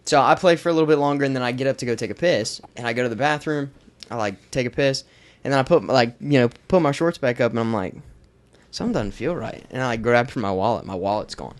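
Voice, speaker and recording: A man with a mid-range voice, hosting a podcast. He tells a story in a loose, animated way, swearing as he goes, and he sounds like he is chatting with friends. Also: mid-range voice, quick pace. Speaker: podcast host. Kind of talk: casual storytelling chat.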